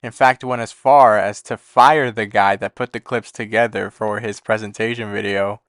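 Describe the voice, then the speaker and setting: A man's voice: lowish voice, fairly even intonation, moderate pace, fairly bright tone, dry recording, clean studio sound. A man giving casual, blunt, profanity-heavy commentary on streamer drama. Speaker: commentary YouTuber.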